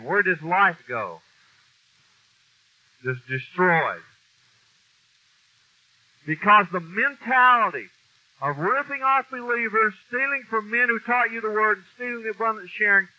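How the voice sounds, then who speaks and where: A man preaching an informal sermon in a blunt, folksy way, with mild cursing and heavy emphasis. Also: sits high. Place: meeting room with a mic. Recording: dull lo-fi recording.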